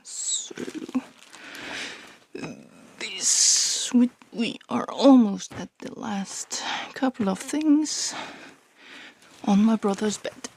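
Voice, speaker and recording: A young woman with the flu, breathy and half-whispering as she sighs and pants through a rambling, casual vlog while clearing out a bedroom. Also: mid-range voice, drawn-out words, pauses often, darkish tone. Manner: breathy, half-whispered, sighing between tasks. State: sick with flu, panting and sniffly. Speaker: vlogger. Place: bedroom at home.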